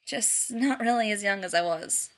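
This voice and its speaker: A woman voicing a tired, husky hungover man who speaks softly in an audiobook reading. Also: medium pitch, moderate pace, lightly acted. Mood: weary. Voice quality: husky, croaky.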